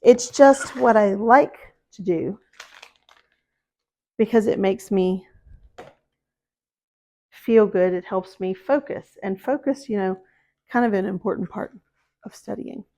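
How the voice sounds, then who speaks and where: A middle-aged woman from the American Deep South, chatting casually to camera about her homestead and faith, laughing at herself. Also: slow pace, long pauses, darkish tone. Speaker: homesteading vlogger.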